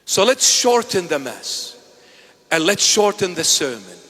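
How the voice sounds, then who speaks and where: High-voiced bishop preaching in a reverberant church. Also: male voice, sing-song, unhurried, husky. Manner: preaching with sharp rises and drops in loudness; acts out quoted dialogue. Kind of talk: sermon.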